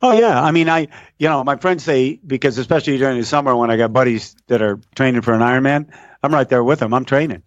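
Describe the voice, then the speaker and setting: A man's voice: medium pitch, fast, no room sound, lo-fi sound. A man, a guest announcer, telling stories in a casual interview and acting out the people he quotes. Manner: animated storyteller, acts out quoted voices. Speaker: podcast guest, race announcer.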